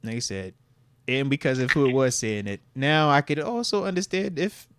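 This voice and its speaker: A man, a former pro football player, co-hosting a casual sports podcast in an animated, slangy way. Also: mid-range voice, moderate pace, clean tone. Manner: animated, slangy, acts out quotes in hushed voice.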